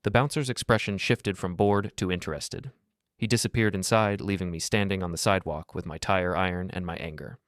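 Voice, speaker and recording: Deep dude reading a drama story, steady and gruff, no room echo. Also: male voice, a little fast, studio quality. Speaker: narrator. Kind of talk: scripted first-person story narration.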